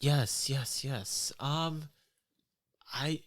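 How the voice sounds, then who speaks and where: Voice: medium pitch, very slow, no room sound, studio quality. A game master voicing Melanie, an insecure young female bake-off contestant who pleads and frets. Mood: anxious, eager.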